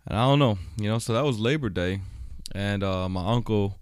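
A man's voice: on the low side, normal speed, smooth, no echo, clean studio sound. A man hosting a personal podcast monologue, talking bluntly with heavy swearing, many fillers and a recurring "right?". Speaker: podcast host. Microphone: studio microphone.

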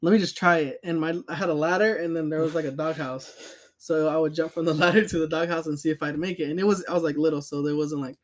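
A young man with a voice a touch higher than most men chats casually as a podcast co-host. He tells stories loosely, swears a lot, and fills his talk with fillers and chuckles. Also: fairly even intonation, fast. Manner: loose, profane storytelling with frequent fillers and laughs. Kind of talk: casual chat.

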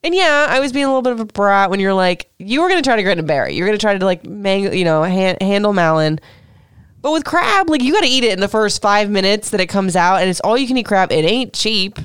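A woman's voice: mid-range voice, expressive, fast, smooth, dry recording, studio quality. A woman in her thirties from Florida hosting a podcast, talking in a candid, rambling, emotional way. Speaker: podcast host and mother. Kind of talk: casual podcast chat.

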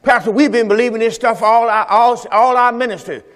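A man's voice: very high voice, fairly quick, fairly bright tone. A man quoting his exasperated wife, a doubting pastor's wife who confronts him with pleading questions, in a reverberant church hall.

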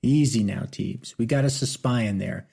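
A man reading an audiobook, voicing a gruff, rough frontier gunman. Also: mid-range voice, moderate pace, dark tone. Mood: steady.

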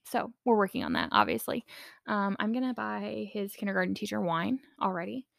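Gravelly, bright-voiced young woman podcaster. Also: mid-range voice, big pitch swings, fairly quick, dry recording, clean studio sound. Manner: candid and chatty, frequent fillers and swearing. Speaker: podcast host. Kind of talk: casual personal podcast monologue.

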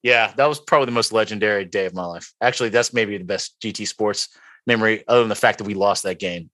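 A young man co-hosts a casual sports podcast, his voice lowish and fast, with no room sound. He tells a long story mocking himself, full of fillers and rambling, growing animated when he quotes people.

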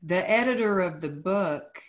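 A woman's voice: fairly low pitch, unhurried. A woman from Texas in her thirties, a guest telling her story earnestly in an interview and acting out the dialogue. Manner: earnest, animated retelling of dialogue. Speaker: guest, author.

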